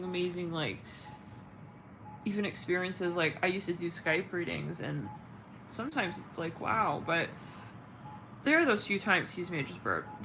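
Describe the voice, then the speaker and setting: Rambling low-voiced woman tarot host. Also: pushed and bright, a little hiss or hum, rough recording. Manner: rambling, searching for words, frequent fillers and swearing. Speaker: tarot reader and channel host. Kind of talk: casual livestream chat.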